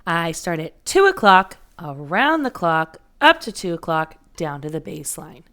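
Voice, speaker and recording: A woman's voice: lowish voice, big pitch swings, moderate pace, sharp tone. A woman teaching a first grade phonics lesson, patiently sounding out letters and words for young children.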